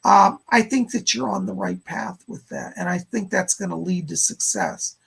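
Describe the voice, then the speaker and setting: Male psychic medium host, gravelly, husky, relays messages with constant "she said" asides. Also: sits high, animated, normal speed, fairly bright tone. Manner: relays spirit messages, frequent "he said" and "hold on". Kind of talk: live-stream psychic readings of chat questions.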